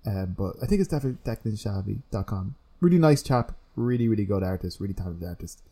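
Bloke on a podcast, mellow warm voice, jokey and rambling. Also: male voice, lowish voice, expressive, quick pace. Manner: chatty, jokey, trails off and restarts. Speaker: podcast co-host. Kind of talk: casual chat.

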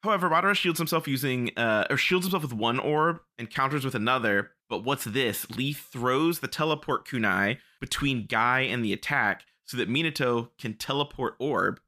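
A man co-hosts a podcast and recaps anime episodes in loose, animated chat. His voice is bright. He swears freely and laughs as he talks. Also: mid-range voice, normal speed, few pauses. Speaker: podcast co-host.

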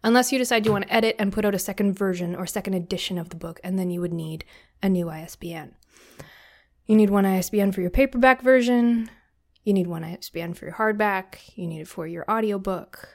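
A woman's voice: mid-range voice, fast, gravelly. A woman co-hosting a podcast, giving casual, encouraging advice with lots of ums. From Canada. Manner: friendly, encouraging, filler-heavy with frequent ums. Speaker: podcast co-host.

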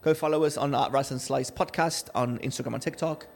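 A man co-hosting a podcast, telling a story in casual chat and acting out the quotes with lively energy. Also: medium pitch, fairly quick, creaky. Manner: animated storyteller, acts out quotes. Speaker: podcast co-host.

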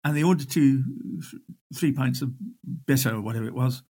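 An older man, a historian, telling wartime anecdotes in an animated way. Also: medium pitch, fairly quick, husky. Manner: animated raconteur, acts out voices. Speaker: historian guest. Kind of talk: storytelling interview.

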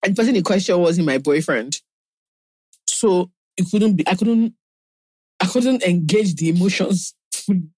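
A woman co-hosts a podcast in relaxed, chatty talk. She tells stories animatedly and laughs often. The sound is dry and close. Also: on the low side, moderate pace, slightly rough, dry recording. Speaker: podcast co-host. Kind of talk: casual chat.

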